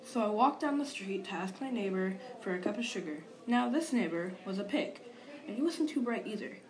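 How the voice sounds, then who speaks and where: A woman's voice: medium pitch, animated, fairly quick, crowd noise, lightly acted. A woman reading aloud as a male wolf narrator, telling his side of the story in an aggrieved, confiding manner. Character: wolf, male, self-pitying and sly.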